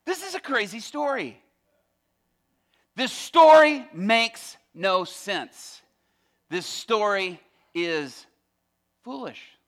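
A male preacher telling a story in a sermon, animated and playful, acting out the scenes. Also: high-pitched, very slow, long pauses.

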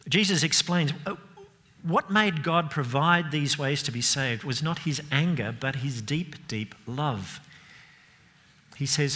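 Bright-voiced man preaching in a hall. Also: fairly high pitch, slow. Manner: expressive, swings between soft and emphatic, rhetorical questions. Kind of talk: sermon. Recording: long hall reverb.

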